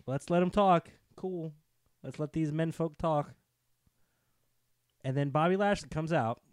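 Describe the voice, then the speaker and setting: A man's voice: a little high, measured pace, smooth, no echo. A man co-hosting a casual wrestling chat, riffing sarcastically and doing mock voices. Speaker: podcast co-host.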